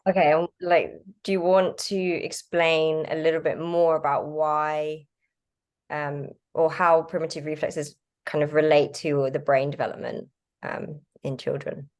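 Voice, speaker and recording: A woman with a notably low, deep voice hosts a casual conversation. She talks in a relaxed, easygoing way, pausing on little fillers as she introduces her guest. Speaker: host.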